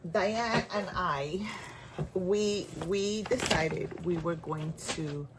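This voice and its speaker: A woman's voice: fairly low pitch, drawn-out words, noisy background. A woman chatting casually in a stitching vlog, rambling and laughing often. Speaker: cross-stitch vlogger. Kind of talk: casual chat.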